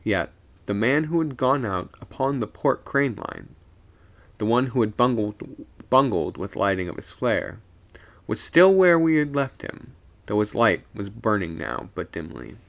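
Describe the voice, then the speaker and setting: A man's voice: fairly low pitch, sing-song, measured pace, gravelly. A man streaming live, reading a ghost story aloud and voicing its characters.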